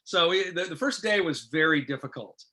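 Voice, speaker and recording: Middle-aged man, bright forceful voice, slightly high, animated anecdotes, interview guest. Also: brisk. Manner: animated, quotes others in lively voices. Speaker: interview guest, film director. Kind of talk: casual anecdotal storytelling.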